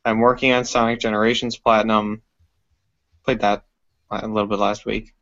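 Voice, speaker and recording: A man's voice: lowish voice, flat delivery, normal speed, fairly bright tone, muffled recording. A man co-hosting a casual gaming podcast, talking in short, matter-of-fact bits. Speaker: podcast co-host.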